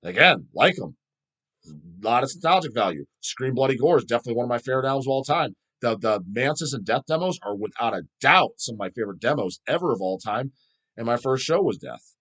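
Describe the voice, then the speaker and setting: Middle-aged male vlog host, profane ranter, lively pitch. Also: quick pace, breathy edge. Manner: profane, heated ranting. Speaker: channel host. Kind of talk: ranting solo vlog.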